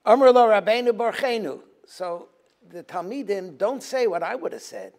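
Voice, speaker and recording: A rabbi lecturing on a Talmud passage in a fairly high voice. He quotes the Hebrew text, then explains it in English with lively, emphatic delivery. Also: normal speed. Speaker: rabbi teaching a Tisha B'Av program.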